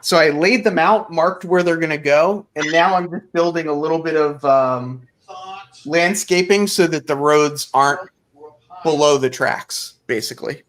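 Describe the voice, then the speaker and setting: A man's voice: on the high side, measured pace. A middle-aged man hosting a casual livestream, chatting easily as he builds model scenery. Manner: relaxed, talks while building scenery. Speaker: host of a model railroad livestream. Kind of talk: casual chat while working.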